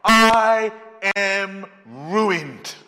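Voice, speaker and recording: A man preaches with a high, bright voice, driving each point home through repetition and long pauses. He speaks slowly and deliberately. His voice carries the long reverb of a large church sanctuary. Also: expressive, soft background music. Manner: emphatic preaching with slow, drawn-out pauses and repetition. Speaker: pastor. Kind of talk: sermon.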